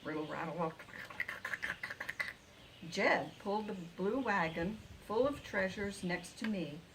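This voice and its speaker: A woman reading a children's picture book aloud in an expressive way. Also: mid-range voice, a little slow, background noise. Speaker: reader. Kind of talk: storybook read-aloud.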